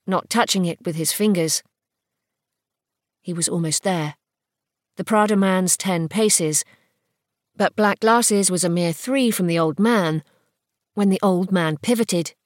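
Female audiobook narrator, mid-pitched, steady and measured, dry booth sound. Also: no echo. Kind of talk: scripted fiction narration.

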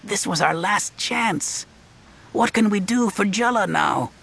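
A man voicing a desperate young boy with a high, strained voice. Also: slow, creaky, pushed and bright, slightly rough, heavily acted. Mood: anxious.

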